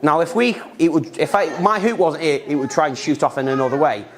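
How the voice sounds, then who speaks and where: A man's voice: fairly high pitch, brisk, noisy background. A young man giving an enthusiastic, repetitive live talk about snakes while handling animals in a museum room. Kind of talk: live educational talk to children.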